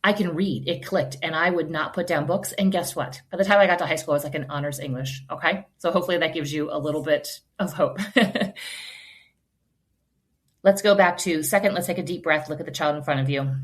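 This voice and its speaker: Earnest, reassuring homeschool mom host. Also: female voice, low voice, a little fast. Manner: earnest, reassuring, conversational with fillers. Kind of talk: casual advice talk.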